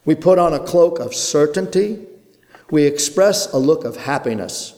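A man preaching an earnest sermon in a church, with rhythmic phrasing and dramatic pauses. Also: on the high side, expressive, darkish tone. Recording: long hall reverb.

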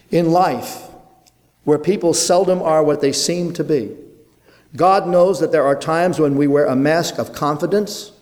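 A man preaching an earnest sermon in a church, with rhythmic phrasing and dramatic pauses. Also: a little high, a little mellow. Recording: long hall reverb.

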